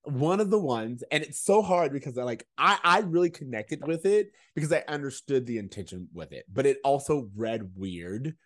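Animated man recapping a TV episode. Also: mid-range voice, moderate pace, hardly any pauses. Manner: animated, acts out quotes. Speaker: podcast co-host. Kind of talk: casual TV recap chat.

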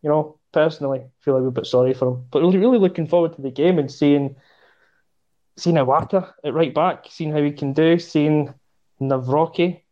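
A man, a guest on a football podcast, talking in a relaxed, rambling way. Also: fairly high pitch, a little fast, dull audio. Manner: relaxed, rambling, laughs easily. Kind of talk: casual football chat.

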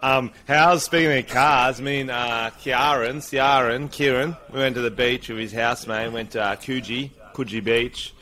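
An animated Australian man co-hosting a podcast, joking and swearing freely. His voice sits in a middle register. He laughs often as he talks. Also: medium pitch, normal speed, hardly any pauses, slight background noise. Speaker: podcast co-host. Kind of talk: casual chat.

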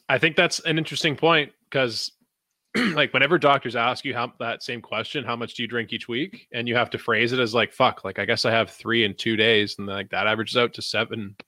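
A man hosting a casual podcast, his voice bright and forward against a dry, close sound. He rambles and swears easily, circling back on his own sentences as he talks. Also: mid-range voice, steady tone, fairly quick, dry recording. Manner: loose, swearing, rambling with restarts. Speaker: podcast host. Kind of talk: casual profane chat.

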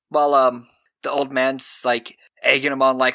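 Bright-voiced man recapping a movie. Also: mid-range voice, normal speed, no room sound. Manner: animated retelling, acting out characters' lines. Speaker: podcast co-host. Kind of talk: casual movie recap chat.

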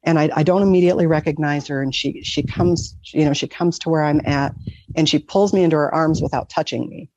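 A woman's voice: deep voice, fairly even intonation, fairly quick, mellow, no room sound, dull audio. A middle-aged woman from Michigan, earnestly telling a personal story in a rambling, casual way. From Michigan, USA. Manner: earnest, rambling, with many fillers. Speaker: guest telling a near-death story.

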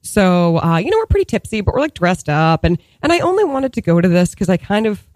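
Animated woman in her thirties, full of fillers. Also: medium pitch, a little fast, no room sound. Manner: animated, heavy on "like" and "you know" fillers, laughs often. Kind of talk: casual storytelling chat.

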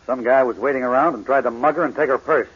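An actor playing a brisk, slangy New police inspector in 1940s radio acting, on a dull old recording. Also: male voice, mid-range voice, slightly rough. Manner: brisk, matter-of-fact, slangy. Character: blunt, gruff New York police inspector.

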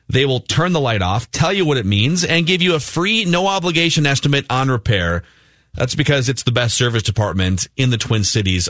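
A man's voice: medium pitch, a bit bright, no echo. Male radio co-host, mid-range voice, dry close mic, easy conversational ad reads. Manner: chatty, reads live ads conversationally. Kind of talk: sports talk radio banter.

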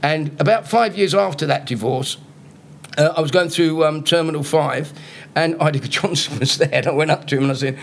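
A man's voice: on the high side, big pitch swings, brisk, vocal fry, slightly rough. A man, a comedian telling stories and teasing a live audience. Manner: joking, teasing the audience, laughing at own lines. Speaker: comedian guest. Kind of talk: live podcast stand-up storytelling.

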